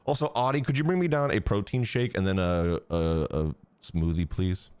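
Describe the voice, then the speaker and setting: A man talks to his live chat from a dry, close desk mic. His pitch swings widely as he tells a crude story. He swears freely and keeps a casual, animated delivery. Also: moderate pace, clear, resonant tone, no room sound. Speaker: streamer.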